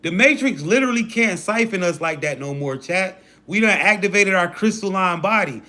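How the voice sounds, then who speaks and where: A man's voice: high-pitched, expressive, moderate pace, sharp tone. A man hosting a livestream who preaches in a casual, profane rant full of slang and hype. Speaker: livestream host.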